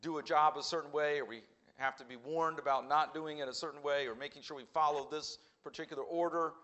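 A man's voice: fairly high pitch, steady tone, quick pace, bright, forceful tone, lo-fi sound. A man preaching an earnest sermon in a church, asking rhetorical questions and acting out quoted voices. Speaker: pastor.

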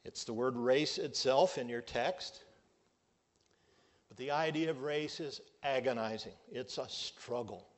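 A male pastor preaching a sermon, measured and emphatic, drawing out his key words. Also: medium pitch.

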